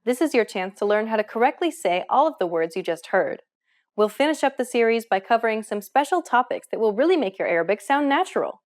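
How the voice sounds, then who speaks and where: A woman's voice: a little high, sing-song, fast. A woman hosting a language lesson, giving scripted, encouraging explanations in an upbeat way.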